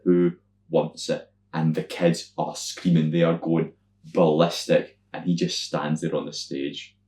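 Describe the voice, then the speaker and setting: A man's voice: measured pace, roomy sound. A young Scottish man co-hosting a podcast, telling stories in a casual chat, acting out other people's lines and swearing freely. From Scotland. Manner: animated storyteller, acts out other people's lines in loud high voices, swears freely. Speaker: podcast co-host.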